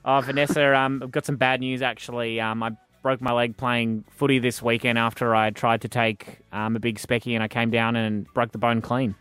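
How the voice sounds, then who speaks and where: A man's voice: mid-range voice, level tone, normal speed, hardly any pauses, fairly bright tone, smooth, no room sound, faint music behind. A man with an Australian accent hosting a breakfast radio show with jokey, playful banter. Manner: jokey, playful, does silly voices. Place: radio studio.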